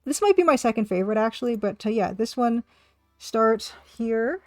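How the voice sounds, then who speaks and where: A woman's voice: a little high, lively intonation, normal speed, no room sound, soft background music. Chatty woman streamer, dry close sound. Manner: chatty and self-deprecating, reacting to viewer comments. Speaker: live-streaming game artist and developer. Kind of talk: casual live-stream chat.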